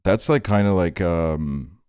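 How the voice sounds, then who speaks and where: A man's voice: low voice, slow pace, darkish tone, clear, resonant tone, dry recording, clean studio sound. A man in his twenties chatting casually with his stream chat late at night, rambling and laid-back, often laughing. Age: 20s. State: tired.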